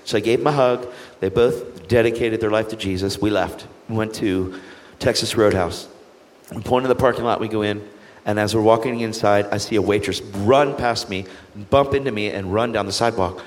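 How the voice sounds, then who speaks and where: A medium-pitched man, appearing as a guest evangelist, shares his testimony in a room with big-room sound. His storytelling is animated, and he acts out the voices of the people he quotes.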